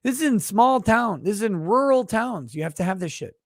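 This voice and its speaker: A man's voice: sits high, animated, fairly quick, dry recording, studio quality. A man hosting a live stream, ranting sarcastically with plenty of profanity and rambling asides. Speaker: host.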